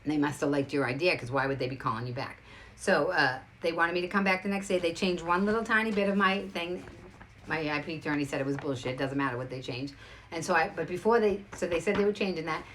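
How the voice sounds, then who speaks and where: Female host, low-pitched, rapid and emphatic, storytelling to camera. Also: a bit bright, a little hiss or hum. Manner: rapid, emphatic, restarts a lot. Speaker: show host.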